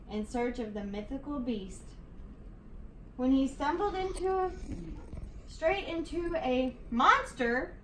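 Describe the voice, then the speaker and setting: Teacher reading aloud: woman, slow and rhythmic, heard from a distant mic. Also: high-pitched, slight background noise. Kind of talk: reading a picture book aloud to a class. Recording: echoey room, distant mic.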